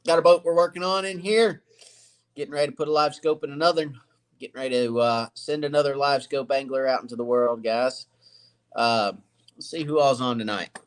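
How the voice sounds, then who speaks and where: An easygoing man hosts a casual live stream from his cluttered home workshop. He rambles loosely, with plenty of fillers, as he greets viewers by name and chats about fishing. His voice sits at an ordinary middle pitch. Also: fairly even intonation, fairly quick, clear, resonant tone. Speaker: fishing channel host.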